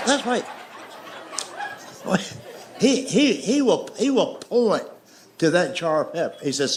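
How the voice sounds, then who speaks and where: A middle-aged man telling stand-up stories in a slow, folksy way. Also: a little high, sing-song, a crowd in the background, noisy background. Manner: slow, drawling storyteller with folksy grammar. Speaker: stand-up comedian. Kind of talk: stand-up storytelling. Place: comedy stage with audience laughter.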